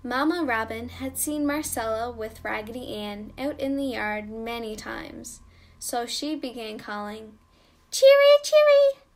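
A woman reading a children's story aloud with slow, gentle storybook narration. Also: a little high.

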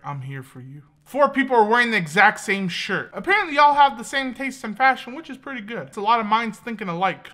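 Jokey woman reacting to photos for her channel, really bright voice. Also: medium pitch. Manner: joking, animated, laughing often. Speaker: YouTuber.

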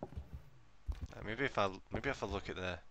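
A man's voice: on the low side, moderate pace, noisy background. A man streaming a horror game live, swearing often, counting aloud and talking to himself as he works out the puzzle. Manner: swearing, excitable, talks to himself. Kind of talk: live gameplay commentary.

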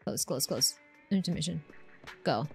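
A woman's voice: sits low, lively intonation, unhurried, vocal fry, slightly rough, soft background music. Chatty woman streaming a game. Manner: chatty, rambling, answers chat, lots of fillers. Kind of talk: casual live-stream chat over gameplay.

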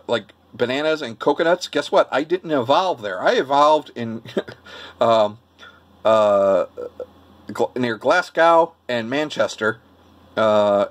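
An older man with a Brooklyn accent, chatting casually in a rambling cooking vlog full of fillers and restarts. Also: mid-range voice. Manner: rambling, chatty, lots of fillers and self-interruptions. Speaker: vlogger.

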